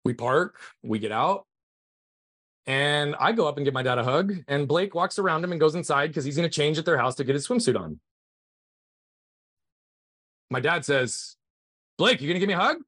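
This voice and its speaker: A man's voice: on the high side, animated, normal speed, long pauses, a bit bright, no room sound, studio quality. A middle-aged man, a podcast guest, earnestly telling a personal family story with emphatic conviction.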